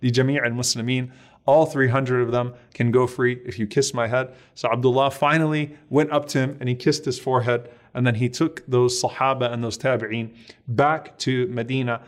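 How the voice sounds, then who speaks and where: A man giving a religious lecture, earnestly and dramatically retelling a story and sprinkling in Arabic devotional phrases. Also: mid-range voice. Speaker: preacher.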